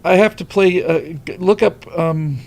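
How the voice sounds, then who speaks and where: A middle-aged man hosting a casual livestream, rambling and animated as he reads viewer comments. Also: high-pitched, unhurried, vocal fry. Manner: rambling, animated, many restarts. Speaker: livestream host reading super chats.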